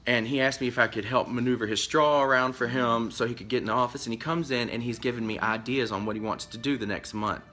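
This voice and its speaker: Bright-voiced man ranting about his job. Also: fairly even intonation, fast talker, few pauses. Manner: rambling, acts out both sides of a conversation; emotional, pitch jumps up when upset. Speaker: vlogger telling of being fired. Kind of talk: casual storytelling rant.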